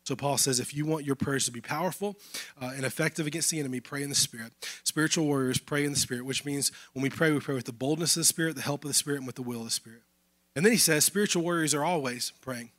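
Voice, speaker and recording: A man's voice: mid-range voice, racing, a bit bright, no echo. A man preaching a sermon in a casual, conversational way. He is losing his voice. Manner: conversational preaching, addressing listeners as y'all. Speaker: pastor.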